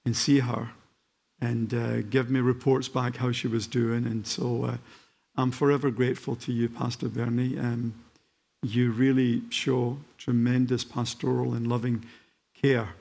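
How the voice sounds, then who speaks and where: An older man with a faint Scottish accent, preaching a sermon as a guest in a church, halting with fillers and then rising to fervent emphasis. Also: mid-range voice, level tone, gravelly, darkish tone. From Scotland.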